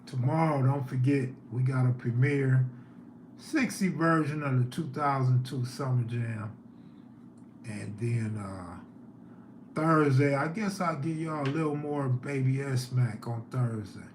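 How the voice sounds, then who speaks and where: A man's voice: medium pitch, measured pace, roomy sound, a little hiss or hum. A man hosting a live stream, telling neighborhood stories in a laid-back way and reading chat aloud.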